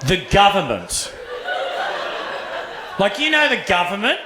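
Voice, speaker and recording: With an unhurried, high-sitting voice, a young adult Australian man tells profane stories in his stand-up set, voicing different characters. Background noise and faint ambience fill the echoey comedy club.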